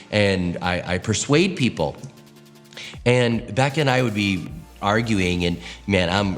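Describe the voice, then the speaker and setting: A man, a pastor, giving a teaching talk to church leaders, telling stories expressively and acting out quotes. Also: fairly low pitch. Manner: expressive, animated storytelling with acted quotes.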